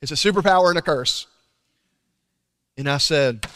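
A young man preaching a sermon, telling stories with loud emphasis and hushed asides. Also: medium pitch, fairly quick. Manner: animated storytelling, swinging between loud emphasis and hushed asides. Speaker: pastor. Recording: long reverb of a large hall.

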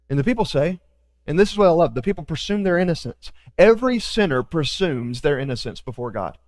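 A man preaching a sermon as pastor, animated, acting out quoted voices with joking asides. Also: on the high side, brisk, long reverb tail.

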